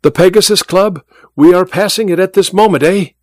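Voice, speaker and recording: A man's voice: high voice, a little fast, darkish tone, no echo, clean studio sound, voice pushed up, close to an everyday voice. A man voicing a suave, sly blind stage magician with a grand, playful manner.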